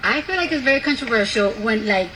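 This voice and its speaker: A woman's voice: a little high, expressive, fast, a bit bright. A woman giving blunt opinions in casual talk, loose and full of fillers and slang, played back from a clip. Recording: clip with noisy ambience.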